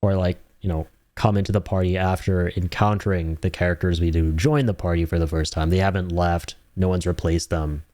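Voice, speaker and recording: A man streaming a game, giving casual, slangy, excitable commentary full of swearing. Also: low-pitched, brisk, hardly any pauses, no echo.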